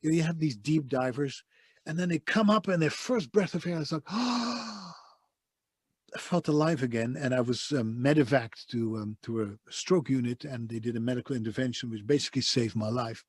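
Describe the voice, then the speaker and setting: A man's voice: mid-range voice, a little fast, breathy edge, dry recording. A man with a Dutch accent, a voice-over artist, telling his story with passion and emphasis in a soundproof home studio. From Netherlands. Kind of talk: conversational interview storytelling.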